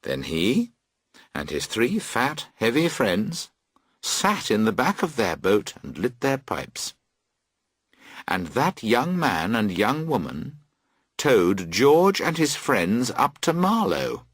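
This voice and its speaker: A man reading a classic story aloud for language learners, slow, clear and very expressive. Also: mid-range voice, dry recording, studio quality. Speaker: audiobook reader. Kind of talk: scripted storybook narration for learners.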